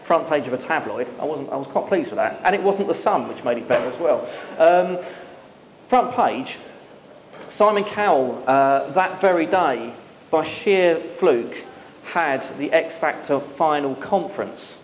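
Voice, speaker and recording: A man telling a lively story to an audience at a live talk, laughing often and using many fillers. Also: on the high side, a little slow, slight background noise. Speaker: guest speaker. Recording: echoey hall with long reverb.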